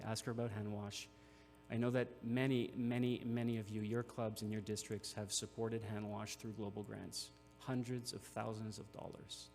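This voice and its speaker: A man's voice: on the low side, darkish tone. A man, a nonprofit CEO, giving an earnest, emotional conference speech with frequent restarts. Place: large hall. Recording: reverberant hall with faint hum.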